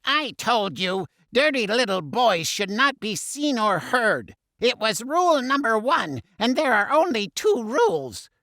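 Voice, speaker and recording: A cruel old great-aunt from a storybook, scolding with slow, gravelly contempt in a high, sharp voice, as a male narrator puts her on. The sound is close and dry. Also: sing-song, no echo, exaggerated voice. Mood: scornful. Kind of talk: audiobook narration.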